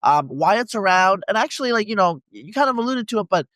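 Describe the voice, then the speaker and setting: A man's voice: sits high, sing-song, fast talker, a bit bright, no room sound. A man hosting a podcast interview, talking in a rambling, casual way with lots of fillers and restarts. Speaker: podcast host. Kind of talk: conversational interview.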